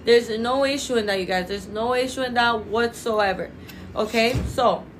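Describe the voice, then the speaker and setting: A woman presenting a live-streamed product pitch for a clinic, chatty and salesy, addressing viewers as "you guys" and repeating set sales phrases. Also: normal speed, a little hiss or hum, low-quality recording. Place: indoors under bright lights.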